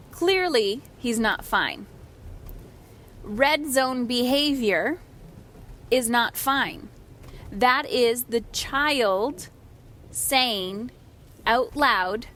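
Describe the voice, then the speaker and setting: A woman's voice: on the high side, extremely slow, long pauses. Candid woman podcaster telling a story. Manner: candid, animated, acts out quoted voices. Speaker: podcast host. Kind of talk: casual solo podcast storytelling.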